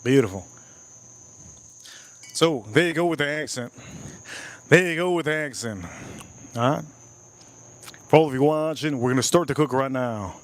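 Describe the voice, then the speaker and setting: A man's voice: mid-range voice, moderate pace, pauses often. A man hosting a live stream, reviewing whiskey and cooking, enthusiastic, repeating phrases and talking to his chat. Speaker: livestream host.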